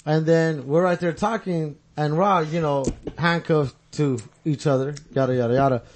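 This podcast co-host tells a long, profane story in casual chat among friends, acting out other people's lines with quotes. His voice sits on the high side with fairly even intonation and a moderate pace. A little hiss or hum runs under the audio.

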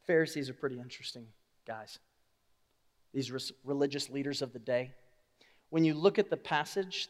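A male pastor preaching a sermon, swinging from quiet asides to loud, emphatic declarations. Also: a little high, in a large hall.

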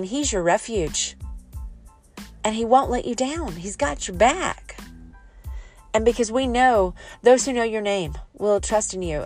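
A woman host giving a casual devotional talk, chatty and joking and going off on tangents. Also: medium pitch. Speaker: audiobook narrator.

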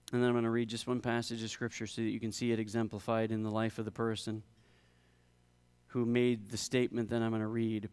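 A man preaching a sermon, building in intensity and slowing down to stress key words. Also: mid-range voice, a little mellow, smooth, long reverb tail. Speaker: pastor.

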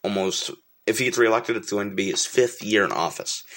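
A man's voice: fairly low pitch, brisk, fairly bright tone. A male host chatting casually, rambling a bit and correcting himself as he goes. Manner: loose, rambling remarks with self-corrections. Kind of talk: casual chat.

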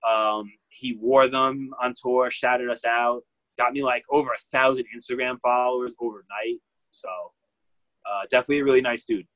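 A man's voice: medium pitch, fairly even intonation, normal speed, a bit bright, no room sound, rough recording. A man, telling a story in a casual interview. He rambles and fills his speech with "like", acting out what people said. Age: 30s. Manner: rambling, heavy use of "like", acts out quotes. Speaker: vintage clothing store owner.

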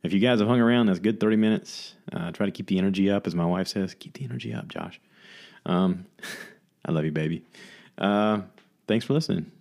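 Man, very low voice, casual vlog host, rambling, lots of fillers and restarts, talking to camera. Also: brisk, darkish tone. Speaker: vlogger host. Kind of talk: casual solo talk reviewing movies. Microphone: camera mic.

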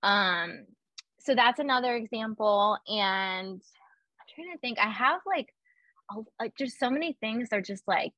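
A woman's voice: a little high, lively intonation, a little slow, sharp tone, no echo, highs cut off. A young woman chatting casually and telling personal stories, full of "like" fillers and acting out her own quotes. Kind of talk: casual chat.

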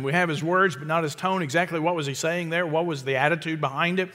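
Male pastor, sermon delivery, slightly high and crisp, chatty and emphatic, restarts often. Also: normal speed, bright, forceful tone. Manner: conversational, emphatic, with frequent restarts. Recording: long hall reverb.

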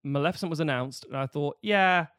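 A man's voice: medium pitch, quick pace, dry recording, studio quality. A man co-hosting a casual film podcast, chatty and wry as he reviews films.

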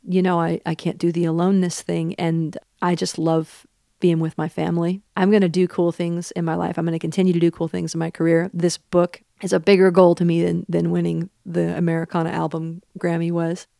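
A woman in her thirties with a Southern accent answers interview questions earnestly, thinking aloud with plenty of fillers. Her voice sits low for a woman and carries a gravelly fry. The recording is close and dry. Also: little pitch movement, a little fast, mellow, no echo. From Pacific Northwest. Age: 30s. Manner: earnest and reflective, with frequent fillers. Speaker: interview guest, country singer. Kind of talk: thoughtful interview talk.

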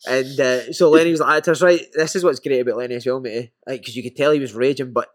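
A Scottish man in his thirties, a former footballer telling animated, sweary anecdotes in a casual chat. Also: medium pitch, quick pace, background noise.

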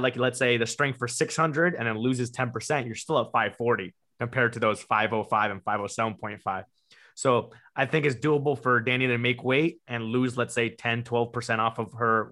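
A man with a bright, sharp-edged voice of middle pitch talks through his picks on a casual panel. He thinks out loud and hedges often. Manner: thinking aloud with many "like"s and hedges. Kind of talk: casual chat.

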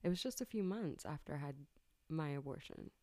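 A young woman with a low voice tells a personal story in casual chat, candid and swearing often. Her laughter comes easily. The sound is close and dry, with no room around it. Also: animated, brisk, mellow, dry recording.

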